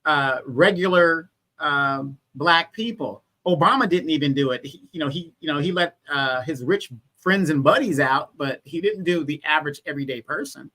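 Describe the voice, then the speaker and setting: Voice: mid-range voice, moderate pace, bright, forceful tone. A guest on a live political talk stream, speaking casually and plainly with rhetorical questions.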